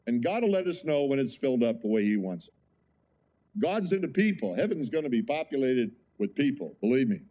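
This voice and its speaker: Mellow-voiced man preaching a sermon. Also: medium pitch, very animated, a little fast. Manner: conversational preaching with rhetorical questions. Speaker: pastor.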